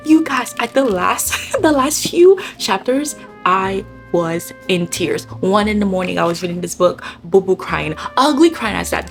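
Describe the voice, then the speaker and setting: A young woman vlogger chatting casually and gushing about books, swinging from low murmurs to excited bursts. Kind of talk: casual chat.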